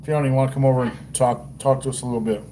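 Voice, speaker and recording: A man's voice: mid-range voice, steady tone, racing, dark tone. Man, livestream host, casual rambling chat, profane jokes, faint background noise.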